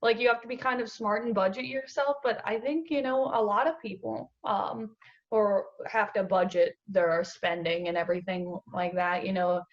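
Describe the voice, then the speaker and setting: A woman's voice: mid-range voice, fairly even intonation, normal speed. A young American woman telling stories in a casual interview, laughing often and acting out quotes. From United States. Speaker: guest model. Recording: dull lo-fi audio.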